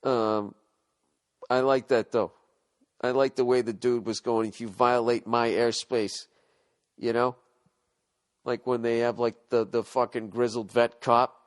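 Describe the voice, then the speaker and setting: A man's voice: mid-range voice, flat delivery, measured pace, long pauses. A man hosting a podcast, delivering a rambling, profane, sarcastic comedic rant. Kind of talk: ranting comedic monologue.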